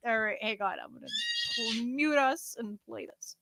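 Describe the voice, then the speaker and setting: A woman's voice: on the high side, sing-song, a little slow, a bit bright, no echo. A woman co-hosting a casual podcast chat, giggly and amused. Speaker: podcast co-host.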